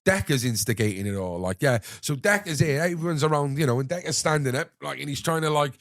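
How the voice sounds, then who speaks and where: A man's voice: a little high, animated, fast, a bit bright, dry recording, studio quality. A man casually telling a long anecdote as a podcast guest, rambling, swearing freely and leaning on "you know what I mean".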